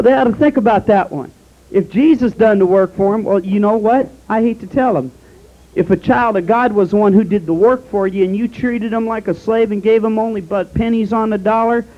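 High-voiced Southern preacher man. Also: dull audio. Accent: Southern American. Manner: folksy, calls listeners honey, fires rhetorical questions. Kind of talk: sermon.

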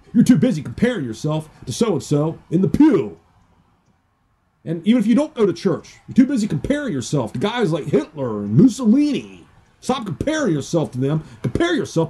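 A man's voice: a little high, dark tone, husky. A man preaching his personal testimony with fervor, quoting scripture in old-fashioned wording. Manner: fervent, preachy, quotes scripture in King James wording. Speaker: evangelist giving testimony.

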